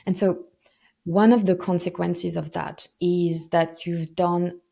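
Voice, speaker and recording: A woman interviewer reflects back her guest's story with empathy before asking her next question. Her tone is mellow and rather low, with a gravelly edge to it. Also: little pitch movement, takes it slowly. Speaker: interviewer, host. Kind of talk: interview conversation.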